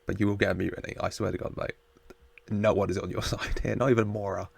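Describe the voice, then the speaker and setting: A man's voice: on the low side, little pitch movement, quick pace, creaky, husky. A man hosting a reaction video, chatting casually, laughing often and talking back to the screen.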